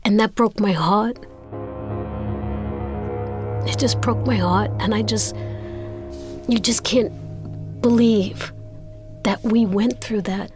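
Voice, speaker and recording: A woman telling a personal story as an interview guest, animated and stammering into repeats. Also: medium pitch, takes it slowly, long pauses. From Brooklyn, New York. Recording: music playing underneath.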